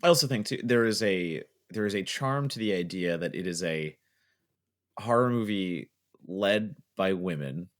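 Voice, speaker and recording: A man's voice: low-pitched, lively intonation, moderate pace. A man co-hosting a podcast, talking in a rambling, casual way with lots of fillers. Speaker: podcast host.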